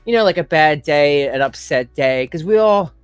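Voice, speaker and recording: A man reacts to a video on his stream, rambling through sarcastic jokes and chuckling at his own remarks. His voice is dry and close to the mic, with soft music playing behind him. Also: on the high side, expressive, moderate pace, clear, resonant tone, dry recording. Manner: sarcastic, laughing, rambling asides. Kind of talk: mocking reaction commentary.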